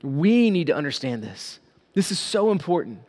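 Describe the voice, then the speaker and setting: A man with a high voice preaching an earnest sermon. He leans on repeated phrases for emphasis. His words ring out with a long reverb, as in a large hall. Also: big pitch swings, moderate pace, a little mellow. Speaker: pastor.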